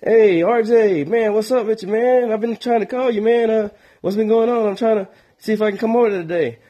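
A man's voice: sits high, fairly quick, dark tone, voice pushed up. A man voicing a pushy male friend who keeps offering to come over, saying "man" constantly. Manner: insistent, says man constantly. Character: pushy male friend wanting studio time.

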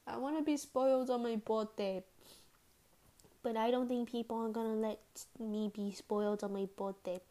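A woman's voice: mid-range voice, warm tone. A teenage girl hosting her own podcast, chatting casually and rambling with many fillers. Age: teens. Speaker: podcast host. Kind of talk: casual solo podcast chat.

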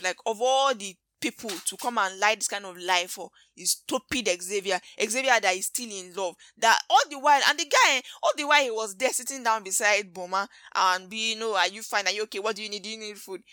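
Bright-voiced Nigerian woman podcaster. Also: medium pitch, dry recording. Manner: animated, gossipy storytelling with slangy asides. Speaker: podcast host. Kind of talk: casual movie recap chat.

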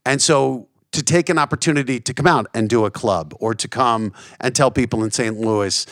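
An earnest man in his forties who tells his stories with animation, often restarting his sentences. His voice sits mid-pitch and is recorded close and dry. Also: moderate pace, a bit bright, no echo. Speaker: guest, comedian and TV host. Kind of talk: casual podcast conversation.

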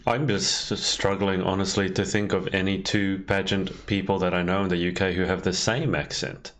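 A man's voice: low-pitched, flat delivery, moderate pace, a bit bright. A man, co-hosting a podcast in casual chat and explaining things at length. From Australia. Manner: chatty, explains facts at length.

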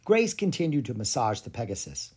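A narrator reading a children's fantasy chapter book aloud with an expressive delivery. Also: mid-range voice, brisk, slightly rough. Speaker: audiobook narrator. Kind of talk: storybook narration.

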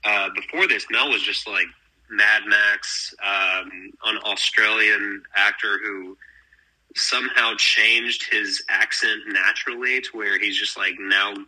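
A man's voice: on the low side, steady tone, takes it slowly, bright, forceful tone, breathy edge, rough recording. A young man from Texas hosting a podcast, recapping at length with lots of fillers. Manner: rambling, filler-heavy recaps. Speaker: podcast host. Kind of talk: casual chat.

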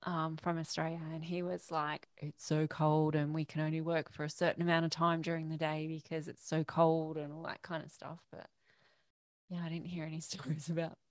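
A woman interviewing a guest casually, with quick encouraging replies. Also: low voice, flat delivery. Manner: encouraging, quick agreeing responses.

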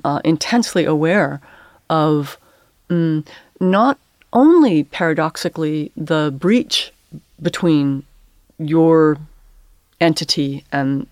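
A woman who is a poet and English professor, speaking as a guest in reflective interview talk, pausing and searching for words in academic phrasing. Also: deep voice, a little mellow, no room sound.

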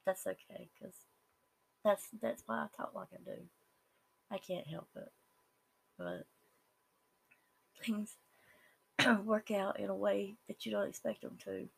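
Southern US accent, deep vocal fry, earnest personal testimony, halting, trails into whispers. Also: lively intonation, fairly bright tone, poor audio. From Southern United States. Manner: slow, earnest, halting, with words dropping to a whisper. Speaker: person sharing their life story.

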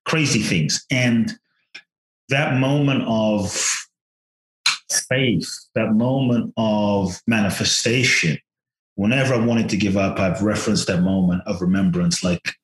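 A man telling a personal story in conversation, animated and acting out his own thoughts. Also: lowish voice, measured pace, reverberant, low-quality recording. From from outside the US. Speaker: podcast guest, personal development teacher.

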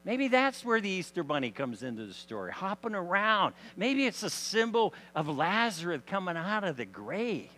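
A man's voice: high voice, very animated, normal speed, hardly any pauses, bright, forceful tone. A man preaching a sermon in a conversational storytelling style, full of rhetorical questions, in a church hall. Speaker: pastor. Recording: long hall reverb.

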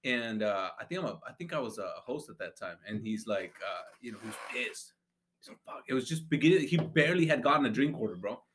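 A man's voice: mid-range voice, expressive, fast talker, noisy background. A young man telling a restaurant work story in a casual, profane, rambling way. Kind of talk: casual storytelling among friends.

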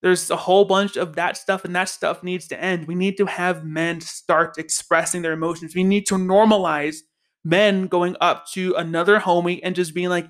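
A man with a notably high-pitched voice hosts a spiritual podcast solo. He talks in a casual, heartfelt way and hammers his points home by repeating them. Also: fairly even intonation, moderate pace. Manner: passionate, emphatic and repetitive. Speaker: podcast host.

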